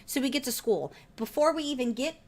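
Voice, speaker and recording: A woman in her thirties hosts a podcast, telling a casual, profane story and laughing as she goes. Her voice is high and animated, fairly quick, with a darkish tone.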